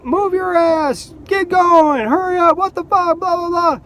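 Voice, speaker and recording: Rowdy young college guys yelling insults from a small car, as a man puts them on. The voice leaps far above his usual talk into a shrill, jeering register, loud and mocking. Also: unhurried, a little hiss or hum, exaggerated voice. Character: rowdy young male college kids heckling.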